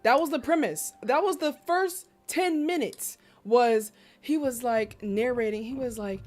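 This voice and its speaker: Animated woman streamer, slightly high voice. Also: a little slow, hardly any pauses, faint music behind. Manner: animated storyteller, slangy, exclaims loudly in disbelief. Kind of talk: casual live-stream chat.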